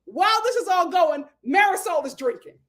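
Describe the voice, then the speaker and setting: High-voiced woman recapping reality TV. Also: normal speed. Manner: animated storyteller, acts out quotes, laughs often. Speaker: host. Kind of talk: casual reality TV recap chat.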